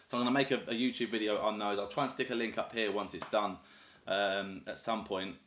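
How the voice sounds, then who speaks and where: A man's voice: on the low side, fairly even intonation, brisk, fairly bright tone, slight background noise. Casual vlogger: man in his thirties, southern English accent, enthusiastic and rambling, recorded in a roomy space. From North East England, raised in the south of England. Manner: chatty, rambling and enthusiastic, lots of fillers. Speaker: YouTuber. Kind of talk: casual chat to camera. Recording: echoey room.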